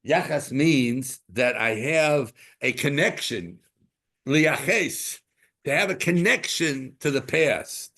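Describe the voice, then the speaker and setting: A man in his sixties teaching a Torah class, animated and full of rhetorical questions and stories. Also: a little high, slow.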